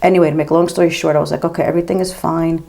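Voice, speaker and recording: A woman in her fifties tells a long, rambling story straight to the camera while she does her makeup, leaning on "girl" and "like" the whole way. Her voice sits low with a gravelly fry. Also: level tone, very fast, mellow. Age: 50s. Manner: gossipy, rambling, says girl and like a lot. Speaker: makeup vlogger and nurse. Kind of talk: casual chatty storytelling while doing makeup.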